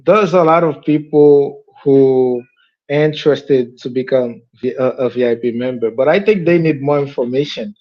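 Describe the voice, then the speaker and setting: A male student speaking English hesitantly in a live online lesson, with a muffled call sound. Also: mid-range voice. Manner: hesitant, halting with fillers. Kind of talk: casual chat in a live lesson.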